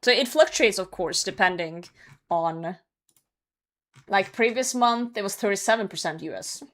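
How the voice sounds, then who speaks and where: A woman's voice: medium pitch, lively intonation, normal speed. A young woman streamer chatting casually with her chat while gaming, laughing often and swearing now and then. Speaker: live streamer.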